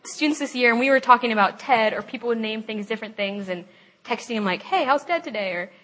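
A young woman gives a personal faith testimony in a chatty, animated way. Her voice is bright and sits a little high. She laughs often and fills her talk with "like". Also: fast talker. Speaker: speaker at a Christian gathering.

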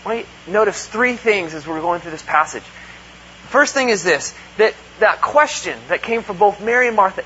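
A man's voice: sits high, expressive, normal speed, bright, forceful tone. A man preaching a conversational sermon, earnest, asking rhetorical questions and acting out quotes. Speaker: pastor. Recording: dull lo-fi recording with faint hum.

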